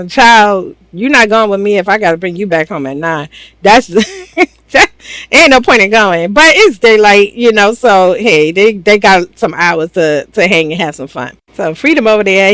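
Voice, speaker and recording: A woman's voice: medium pitch, a bit bright, dry recording, poor audio. A woman giving a chatty, slangy, casual recap of a reality show, laughing often. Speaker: reaction channel host.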